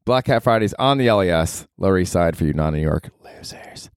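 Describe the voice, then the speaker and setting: Low-voiced sarcastic man hosting a podcast. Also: a little fast, clear, resonant tone, no echo, studio quality. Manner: sarcastic, swears a lot, animated asides. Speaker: podcast host. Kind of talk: casual comedic monologue.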